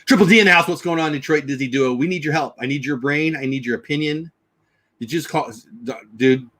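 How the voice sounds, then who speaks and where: A man hosting a casual livestream, chatting and thinking out loud as he answers viewers. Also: fairly high pitch, fast. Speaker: livestream host. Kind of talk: casual livestream chat reading comments.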